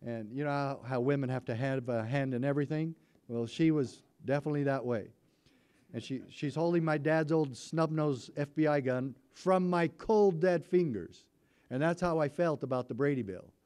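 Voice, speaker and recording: A former sheriff giving a talk, telling a story in a folksy, conversational way and acting out the dialogue with rising excitement. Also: male voice, mid-range voice, moderate pace, clear, resonant tone. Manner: animated, acts out quoted dialogue with rising excitement. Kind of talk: storytelling speech to an audience.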